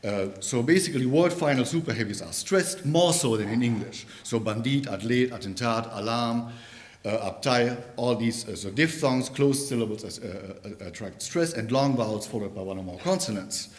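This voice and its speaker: A man giving an academic conference talk on linguistics in a university lecture room, pausing often and restarting his sentences. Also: mid-range voice. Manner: halting, with many fillers and restarts.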